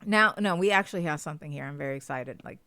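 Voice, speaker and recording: A congested woman co-hosting a podcast in casual chat, chatty and quick to giggle. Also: deep voice, bright, forceful tone, smooth, no room sound. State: congested, sniffly. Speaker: podcast co-host.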